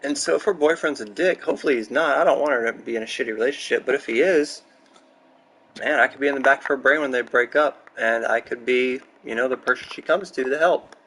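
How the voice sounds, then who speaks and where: A young man chatting casually and candidly while building in a game, rambling through stories, excitable, close to his microphone. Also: medium pitch, fast, breathy edge, low-quality recording. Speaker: gaming streamer. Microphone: close desk mic.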